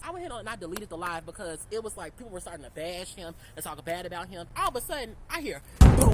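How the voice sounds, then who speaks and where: A young man telling a storytime about a fight in a profane, sassy, animated rant. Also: high voice, fast talker, hardly any pauses, over loud music, poor audio. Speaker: storytime vlogger.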